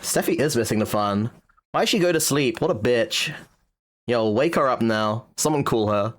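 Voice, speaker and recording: A man's voice: medium pitch, animated, moderate pace, a little hiss or hum. A young British man streaming live, chatting casually and teasing his chat with jokes. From Britain. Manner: teasing, joking banter with chat.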